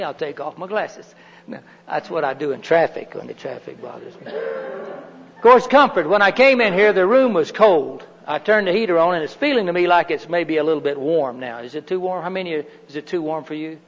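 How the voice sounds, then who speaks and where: On the high side and a bit bright, the middle-aged lecturer's voice carries a chatty, folksy workshop talk where he often questions the audience. The meeting room has windows and a heater, and the recording is dull and reverberant.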